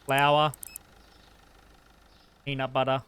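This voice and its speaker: Bright-voiced man streaming a game. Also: medium pitch, monotone, very slow, clean tone. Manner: plays a shopkeeper greeting customers, talks to himself; frantic outbursts when busy. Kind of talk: casual gameplay chat.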